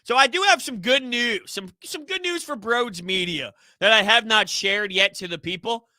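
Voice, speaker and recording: A young man chats through a sports live stream, rambling between viewer comments and laughing easily. His voice is high and very bright, with a clean, crisp tone. The sound is dry and close. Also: normal speed, no echo. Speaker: sports YouTube host.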